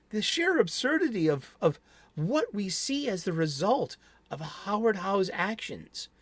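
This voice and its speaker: A man's voice: on the high side, no echo. A man talking casually about a horror movie on his own channel, rambling with restarts and asides. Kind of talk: casual movie review monologue.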